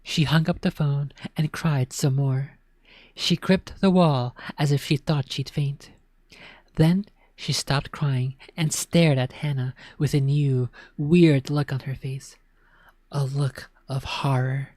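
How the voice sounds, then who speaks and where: A woman reads a spooky children's tale aloud in a low voice, dramatic and often sinking to a hush. The sound is close and dry, with no room around it. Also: fairly even intonation, takes it slowly, no echo. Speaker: storyteller. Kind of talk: scripted narration of a spooky children's book.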